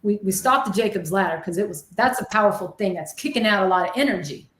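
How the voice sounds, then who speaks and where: Talking fast in a mid-range voice, a woman who hunts ghosts and works as a medium tells her tales as an interview guest. She's excitable and animated, dramatically acting out the voices from her memories, and the recording has an echoey, room-like sound.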